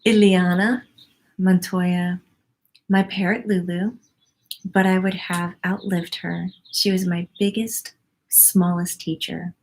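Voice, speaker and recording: A woman's voice: on the low side, level tone, slow. A woman in her forties hosting a live stream, reading viewer comments aloud and gushing over them with wonder and frequent laughter. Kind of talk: casual live-stream chat.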